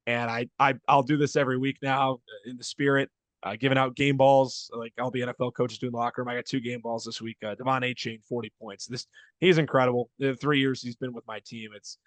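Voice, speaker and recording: Brief: male podcast co-host, casual rambling delivery, mid pitch, dry close sound. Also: fairly even intonation, brisk, no room sound. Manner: loose and chatty, frequent restarts. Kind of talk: casual sports podcast chat.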